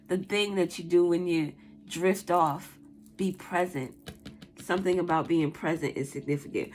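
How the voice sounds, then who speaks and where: A woman's voice: fairly low pitch, normal speed, soft background music. A woman doing a tarot reading, who first tells a casual story with lots of swearing and laughter. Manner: animated, profane, laughs while telling a story. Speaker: tarot reader.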